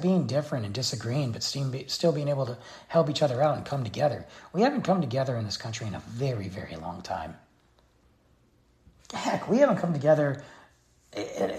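A man's voice: mid-range voice, gravelly. A man giving a blunt, exasperated opinion rant straight to his viewers. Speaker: vlogger. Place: Texas.

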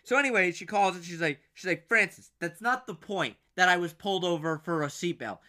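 A young man with a high, bright voice spins a story for his co-host in an animated, casual podcast chat. He acts out the other people's lines as he goes. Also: fairly quick. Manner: animated storytelling with acted-out quotes and frequent laughs.

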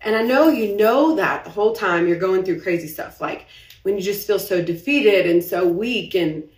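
A young woman talks straight into her phone late at night, rambling and confessional, fighting back tears as she says her anxiety has her heart racing. Her voice sits in an ordinary middle pitch. It carries some roomy echo and sounds a little distant from the mic. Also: animated, normal speed. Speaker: business owner livestreaming. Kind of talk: emotional late-night live video monologue.

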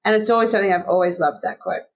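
A young woman co-hosting a podcast, chatting casually and poking fun at herself. She laughs easily. Her voice sits at a middle pitch. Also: steady tone, racing. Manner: chatty, self-mocking, laughs often. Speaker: podcast co-host. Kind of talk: casual chat.

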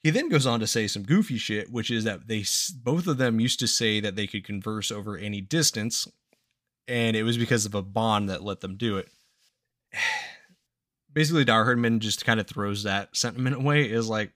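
Bright-voiced man recapping casually. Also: on the low side, normal speed, no room sound, studio quality. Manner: profane, laughing, animated retelling with quoted voices. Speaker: podcast host recapping a game. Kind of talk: casual podcast chat.

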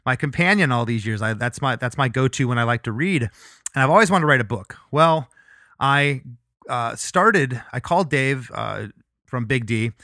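A middle-aged man chats as an interview guest, spinning road stories in a loose, rambling way and laughing often as he goes. His voice is bright and forceful. It is recorded close and dry, with no room sound. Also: medium pitch, lively intonation, normal speed, no echo. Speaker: touring musician guest. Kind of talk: casual interview storytelling.

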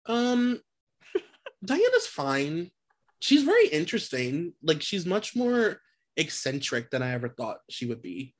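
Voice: mid-range voice, huge pitch swings, takes it slowly. A podcast co-host in casual chat, slangy and swearing, often restarting words mid-sentence.

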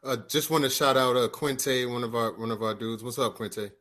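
A man hosting a casual sports podcast, who haltingly sets up questions for his co-hosts. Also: mid-range voice, a bit bright. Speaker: podcast host.

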